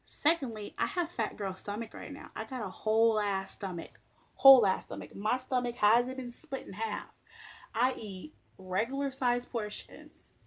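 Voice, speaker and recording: A woman's voice: fairly high pitch, measured pace, fairly bright tone. A young woman venting on her vlog, blunt and sassy, swearing freely as she complains about people telling her what to eat. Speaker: vlogger. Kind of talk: casual vlog rant.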